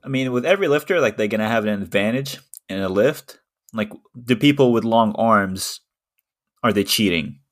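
A man's voice: on the low side, lively intonation, normal speed. A man co-hosting a podcast, bantering casually with sarcastic jokes. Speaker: podcast co-host. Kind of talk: casual chat.

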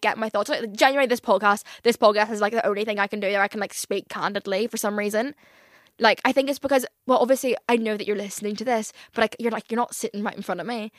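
A woman's voice: fairly high pitch, fairly bright tone, no room sound, studio quality. A young Northern Irish woman in her twenties hosting a casual solo podcast, chatty and oversharing, swearing often and filling every gap with "like". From Northern Ireland. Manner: chatty, swears a lot, heavy filler "like". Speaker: podcast host.

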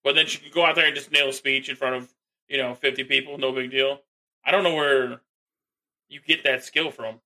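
A man's voice: mid-range voice, fairly even intonation, fairly quick, sharp tone, rough recording. A man co-hosting a podcast in casual chat, dropping dry quips and telling plain stories. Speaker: podcast co-host.

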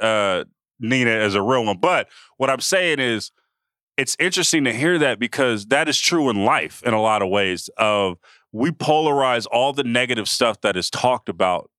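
A man's voice: medium pitch, sharp tone, clean tone, no room sound, clean studio sound. A man co-hosting a sports podcast, chatting loosely and trailing off with fillers. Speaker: podcast co-host. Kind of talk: casual sports chat.

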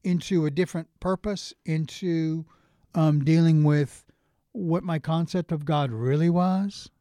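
A middle-aged man in casual conversation, telling stories with lively restarts and acted-out quotes. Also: on the high side, measured pace, dry recording, clean studio sound. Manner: animated storyteller, frequent restarts and acted quotes. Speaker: interview guest.

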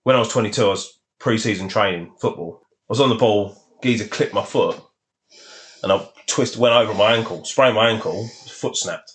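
A man, a guest on a podcast, telling lively stories from his past. He swears freely and laughs as he talks. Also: fairly low pitch, normal speed. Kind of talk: casual storytelling.

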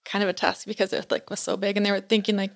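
A woman's voice: mid-range voice, level tone, fast talker, vocal fry. A young woman casually telling a spooky story to a friend, chatty and full of "like" fillers.

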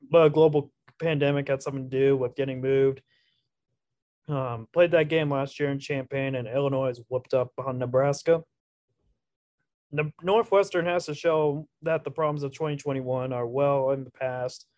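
A man's voice: medium pitch, darkish tone, no echo. A man co-hosting a casual college sports podcast, laid-back as he reads out his prepared predictions. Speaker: podcast co-host.

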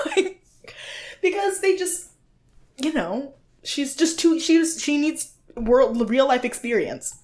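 A woman co-hosting a podcast, chatting casually about a TV show, swearing freely and acting out what people said with quick laughs. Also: on the high side, sing-song. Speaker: podcast co-host. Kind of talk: casual chat recapping a reality show.

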